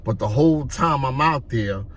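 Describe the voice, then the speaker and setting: A man from Harlem, telling street stories in an animated way and acting out the voices. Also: mid-range voice, moderate pace, slight background noise. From Harlem, New York. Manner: animated, acts out voices, repeats "you know what I mean". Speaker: storyteller. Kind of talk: street storytelling vlog.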